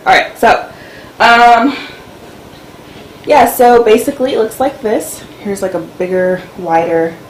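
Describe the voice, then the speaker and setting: A woman's voice: fairly high pitch, lively intonation, a little slow, long pauses, slight background noise, poor audio. A woman vlogger giving a casual tour of her home office and filming room, chatty and loose with lots of fillers. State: out of breath. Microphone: camera-mounted mic.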